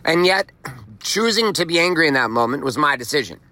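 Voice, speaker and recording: A man delivers a motivational podcast monologue with a bright, tense edge to his voice. He talks emphatically, swears casually and hammers his points home by repeating phrases. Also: on the high side, lively intonation, brisk. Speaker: podcast host. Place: outdoors walking in the rain.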